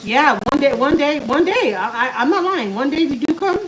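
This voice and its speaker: A chatty woman talks easily to her live-stream viewers while she cooks. Her voice sits a little high, and a faint hiss of noise and a sizzling pan carry behind her. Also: animated, fairly quick. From Houston, Texas. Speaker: vlogger doing a live stream. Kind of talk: casual chat with live viewers while cooking. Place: home kitchen.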